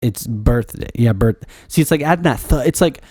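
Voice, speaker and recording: A man co-hosting a podcast in loose, rambling chat. His voice is mellow and dark, recorded close and dry. He keeps circling back to his own odd pronunciations. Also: fairly high pitch, expressive, brisk, no echo. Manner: rambling, self-conscious about his pronunciation. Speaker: podcast co-host. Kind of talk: casual chat.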